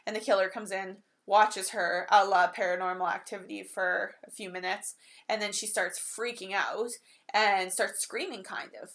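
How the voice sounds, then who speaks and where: A woman's voice: medium pitch, fairly even intonation, moderate pace, a bit bright. A woman co-hosting a podcast in casual chat, talking and laughing often. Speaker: podcast co-host.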